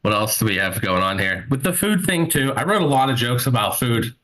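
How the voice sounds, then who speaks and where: A man's voice: medium pitch, expressive, brisk, sharp tone, low-quality recording. A young man doing a live stand-up set, telling rambling stories with crude asides. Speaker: stand-up comedian. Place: comedy club stage.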